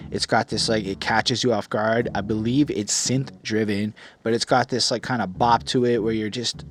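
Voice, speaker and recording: A man's voice: mid-range voice, a little hiss or hum. A young man hosting a podcast, reviewing an album in a rambling, casual way with lots of "like" fillers. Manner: rambling, heavy on "like" fillers, animated retelling.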